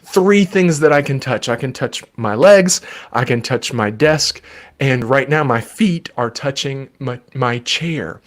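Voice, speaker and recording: A man who is a child therapist and podcast host, giving patient, gentle advice in a live Q&A from his desk at home. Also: medium pitch, lively intonation, measured pace. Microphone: desk microphone.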